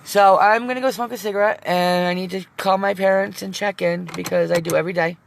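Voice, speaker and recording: A woman's voice: mid-range voice, fairly even intonation, brisk, creaky, slight background noise. A middle-aged woman chatting on a live vlog from inside her van, rambling, emotional and teary at times, with some swearing. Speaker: vlogger. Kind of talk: casual live-stream chat.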